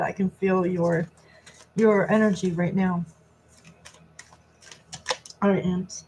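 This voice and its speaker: A woman tarot reader on a live stream, talking softly and reflectively as she passes on messages from a spirit. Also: lowish voice, steady tone, takes it slowly, pauses often. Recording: noisy recording with clicks.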